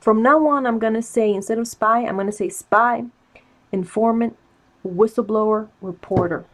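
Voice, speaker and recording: A woman's voice: fairly high pitch, moderate pace. A woman tarot and cup reader talking in a casual vlog, insistent and getting worked up, repeating herself for emphasis. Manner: excited, insistent, gets worked up.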